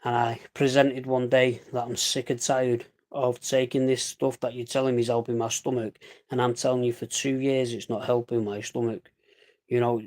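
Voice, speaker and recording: A man from Salford with a Mancunian accent, rambling in fast, casual live-stream chat and calling listeners "mate". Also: mid-range voice, little pitch movement, a little mellow. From Salford, England. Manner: rambling, chatty, says "mate" often; fast dialect.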